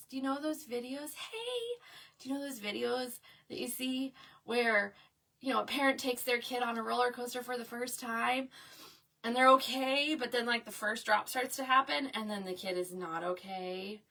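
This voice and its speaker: Woman, 30s, craft host; bright, higher voice, mic at a distance. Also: fairly even intonation, moderate pace. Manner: chatty, addresses viewers as y'all, frequent "okay?". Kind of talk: chatty storytelling while crafting. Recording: voice a bit far from the mic.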